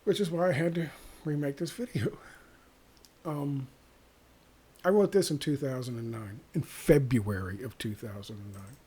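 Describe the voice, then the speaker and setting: A man delivering a profane, exasperated, sarcastic rant as a vlogger, with a gravelly voice. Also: medium pitch, normal speed, pauses often, warm tone. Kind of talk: ranting monologue to camera.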